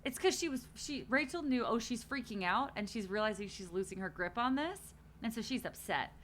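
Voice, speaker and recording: A woman's voice: on the high side, expressive, moderate pace, fairly bright tone, slight background noise. A young woman hosting a watch party stream, chatting casually and animatedly, swearing and acting out quotes. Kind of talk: casual chat.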